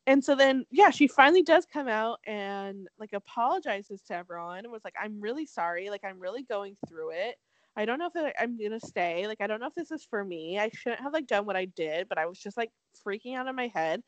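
A young woman co-hosting a casual podcast, recapping a reality show in an animated, swearing way. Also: mid-range voice, brisk, no room sound, rough recording. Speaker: podcast co-host.

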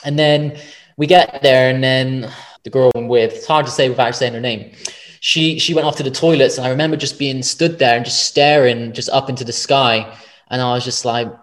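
A man's voice: medium pitch, steady tone, moderate pace. A man, a podcast guest telling a personal story in a casual, rambling way, swearing often and correcting himself mid-sentence.

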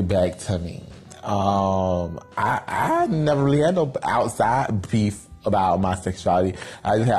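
A man's voice: on the low side, dark tone, husky. Sassy, profane man telling a story. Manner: sassy, profane, theatrical, constant "bitch" and "girl" asides. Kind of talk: casual storytime monologue.

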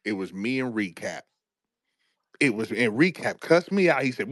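A man's voice: medium pitch, sing-song, normal speed, dry recording. Plain-voiced guy on a fan chat panel, blunt, close dry sound. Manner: blunt, profane. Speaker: panelist in a fan audio space. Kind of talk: casual chat.

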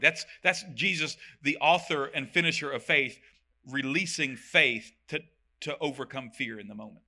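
A man preaching a sermon, reading scripture aloud and breaking in with animated, joking comments. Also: medium pitch, normal speed. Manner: animated, reads verses then comments with jokes.

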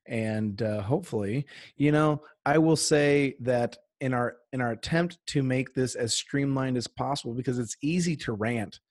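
A man's voice: mid-range voice, moderate pace, hardly any pauses, dry recording, clean studio sound. A man co-hosting a podcast, chatting in a laid-back, agreeable way. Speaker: podcast co-host. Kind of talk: casual podcast chat.

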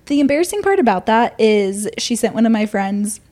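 A woman's voice: fairly high pitch, big pitch swings, a little fast, dark tone. A young woman co-hosting a podcast, telling a school story in casual chat with lots of laughs. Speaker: podcast co-host.

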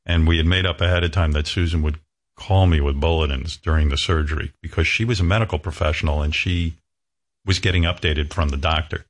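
A man's voice: rumbling low, fairly even intonation, fairly quick. A man in his sixties, a radio host, talking candidly and emotionally, rambling with many restarts. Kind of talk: candid talk-show conversation.

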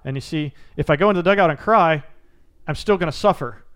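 A man's voice: on the high side, fast talker, fairly bright tone. Emphatic man talking about toughness. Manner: earnest, emphatic and coaching. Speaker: guest, former Navy SEAL and mental coach. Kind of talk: interview answers, storytelling.

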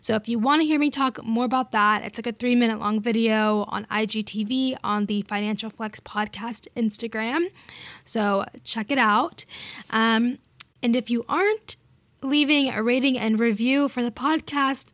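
A woman hosting a podcast in an upbeat, chatty way, leaning on words for playful emphasis. Her voice sits a little high, and the sound is close and dry with no room around it. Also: moderate pace, no echo. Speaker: podcast host. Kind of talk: casual podcast chat.

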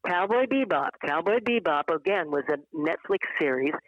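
A woman's voice: lowish voice, expressive, moderate pace, no room sound, narrow, tinny audio. An older woman, an actress guest, chatting in an interview, laughing often and restarting her sentences. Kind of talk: casual interview conversation.

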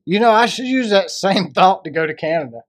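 Brief: male co-host, high voice, dry close sound, jokey banter. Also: expressive, brisk, no echo. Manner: joking, laughs often. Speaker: podcast co-host. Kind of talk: casual banter.

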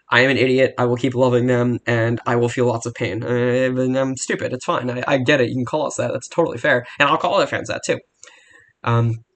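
Young male podcast host, quick and profane, heated rambling football rant. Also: mid-range voice, a bit bright.

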